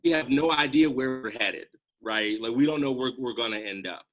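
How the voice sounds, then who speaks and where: A man's voice: mid-range voice, moderate pace, a bit bright. A man speaking earnestly as a guest on a video call, reflective and conversational, often checking in with "right?".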